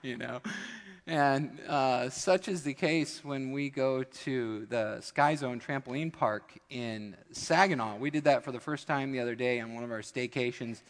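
A man's voice: medium pitch, unhurried, hardly any pauses. A male pastor delivering a sermon in a church, telling a funny story and acting out the people in it. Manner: humorous storytelling with acted-out voices. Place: church sanctuary. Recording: long church hall reverb.

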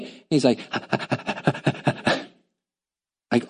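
A man preaching a sermon in a lively, conversational way, often acting out voices. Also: high voice, unhurried, in a large hall. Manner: animated, conversational, acts out voices. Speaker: pastor.

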